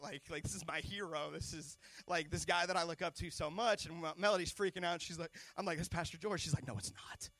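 A man in his thirties preaching a storytelling sermon, animated and stumbling over repeated words. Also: fairly high pitch, creaky, no echo. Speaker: pastor.

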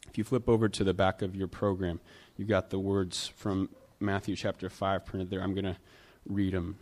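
A man's voice: low-pitched, flat delivery, moderate pace, hardly any pauses, a little mellow. Conversational man preaching a sermon. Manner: conversational, rhetorical questions, builds emphasis. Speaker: pastor.

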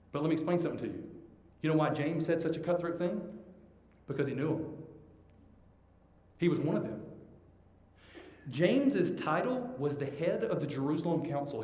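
A man pastor preaching a conversational sermon, animated and acting out the voices of the people he quotes. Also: a little high. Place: church sanctuary. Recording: echoey hall with long reverb.

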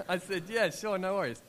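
A man, preaching a sermon in an animated, storytelling way, acting out his own prayers as he goes. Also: sits high, a little hiss or hum.

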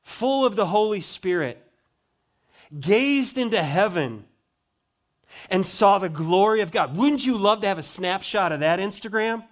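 A male pastor preaching a sermon dramatically, slowing down for emphatic stresses and dropping to soft asides. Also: sits high, expressive.

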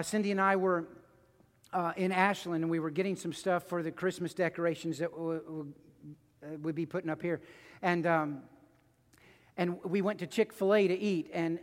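A man's voice: high-pitched, big-room sound. A male pastor preaching a conversational sermon to his congregation, with repeated phrases and personal stories, then leading a prayer. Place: church sanctuary.

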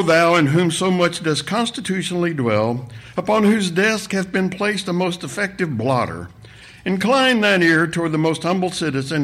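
A man voices a stout, self-important gentleman in a tuxedo who intones grand, old-fashioned phrases. His delivery is lofty and pompous, told within a sermon story. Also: a little high, voice pushed up. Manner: pompous, archaic flowery phrasing.

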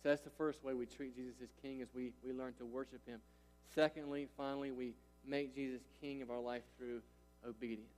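A man in his thirties preaches a sermon as a pastor, his mid-range voice fairly quick with fairly even intonation and a darkish tone. He is emphatic and keeps engaging listeners by repeating "right?" and "listen." A little hiss or hum sits under a long hall reverb.

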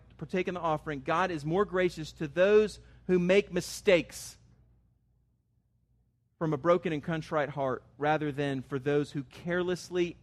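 A man preaching a sermon as pastor, earnest and conversational, rising to emphatic stresses on key words. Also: on the high side. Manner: conversational asides with fillers.

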